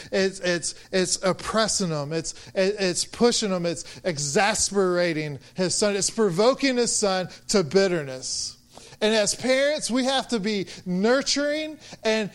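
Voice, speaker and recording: A man's voice: high voice, a bit bright, smooth. A man in his thirties giving a casual, conversational sermon full of personal stories, with restarts and light laughter.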